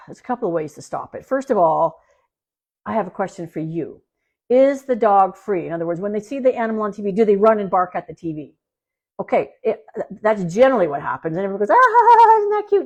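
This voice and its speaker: A woman dog trainer talks through listener questions in a relaxed podcast style. Her voice sits at a middle pitch, and she is plainspoken, hammering home key points by repeating them. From Canada. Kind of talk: casual podcast advice.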